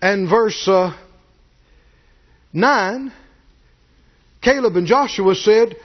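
A man preaching a sermon, animated and folksy, swinging from low asides to shouted peaks. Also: very slow, long pauses, highs cut off. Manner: folksy, jokes with the congregation.

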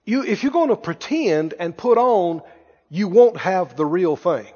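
Man preaching, high voice, very lively pitch, folksy storytelling, dull sound, long hall reverb. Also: a little slow, husky. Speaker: pastor. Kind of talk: sermon with storytelling.

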